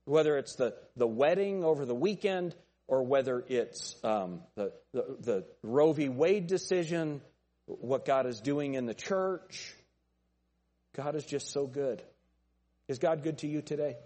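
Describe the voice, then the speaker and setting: A middle-aged male pastor gives a folksy sermon in a church, cracking jokes with the people in the pews. His voice is husky and mellow, and his pitch swings up and down a lot as he talks. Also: lively intonation, unhurried. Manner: folksy, joking with the congregation. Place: church sanctuary.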